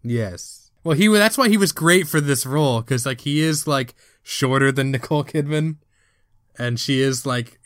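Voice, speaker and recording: A man in his thirties co-hosting a podcast, recapping a movie in a casual, lively way. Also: mid-range voice, normal speed, no echo, clean studio sound. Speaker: podcast co-host. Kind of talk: casual movie review chat.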